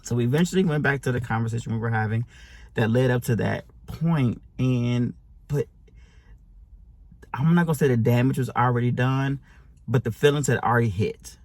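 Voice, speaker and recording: A man's voice: medium pitch, normal speed, a little mellow, no echo. A man earnestly sharing a personal relationship story and advice, rambling with many restarts and speaking affirmations to viewers.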